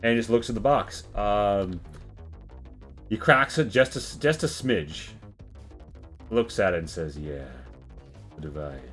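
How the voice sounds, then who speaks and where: Deep-voiced man running a tabletop game. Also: a little slow, long pauses, faint music behind. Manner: relaxed, with many fillers. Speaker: game master.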